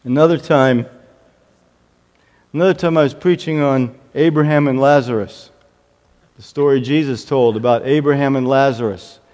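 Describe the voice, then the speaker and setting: A man's voice: mid-range voice, moderate pace, pauses often. A male pastor telling self-mocking stories in a sermon. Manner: self-deprecating, animated anecdotes. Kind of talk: humorous sermon storytelling. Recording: reverberant hall.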